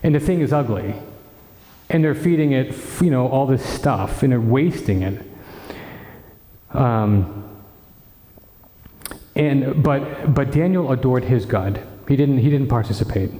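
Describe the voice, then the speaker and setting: A man, a friar, giving a retreat talk and retelling a scripture story with lively acted-out dialogue and many restarts. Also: mid-range voice, a little slow, long pauses. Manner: animated storytelling, acting out dialogue, frequent restarts. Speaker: friar preacher. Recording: echoey hall with long reverb.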